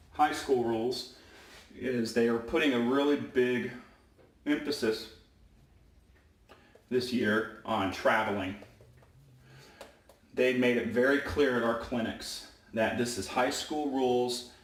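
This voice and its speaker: A man's voice: mid-range voice, unhurried, long pauses, distant mic. Rambling man telling a referee story. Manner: rambling, self-correcting, with many fillers. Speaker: high school basketball referee. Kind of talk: casual storytelling vlog. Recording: roomy echo, away from the mic.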